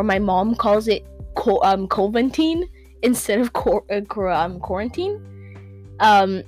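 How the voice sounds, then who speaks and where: A young woman hosting a casual solo podcast, rambling, stumbling over hard words and laughing at herself, on a home microphone. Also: mid-range voice. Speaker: podcast host.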